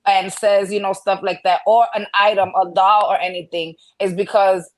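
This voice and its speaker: A woman co-hosting a podcast, explaining her view at length in casual chat and thinking out loud. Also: medium pitch, flat delivery, moderate pace. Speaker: podcast co-host.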